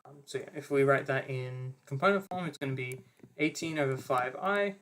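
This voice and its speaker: A young man giving an online maths revision lecture, casually talking through each step of his working with fillers and quick self-corrections. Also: medium pitch, fairly bright tone. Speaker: maths tutor.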